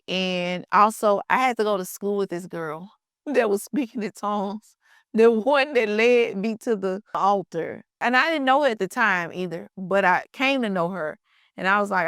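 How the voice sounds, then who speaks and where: Smooth-voiced woman telling her story. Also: mid-range voice, a bit bright, dry recording, studio quality. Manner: conversational, addresses listeners as y'all, colloquial grammar. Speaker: podcast host sharing her testimony. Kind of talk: casual personal storytelling.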